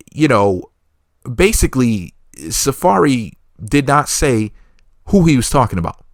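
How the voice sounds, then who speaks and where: Brief: male entertainment reporter, medium pitch, dry sound, sarcastic gossip rambles full of fake disclaimers. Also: dry recording. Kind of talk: gossip commentary.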